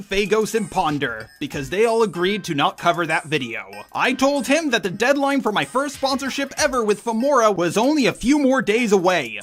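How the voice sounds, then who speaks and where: A man's voice: sits high, a bit bright. A man telling a candid, earnest story about himself to his viewers. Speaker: commentary channel host. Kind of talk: personal storytelling monologue.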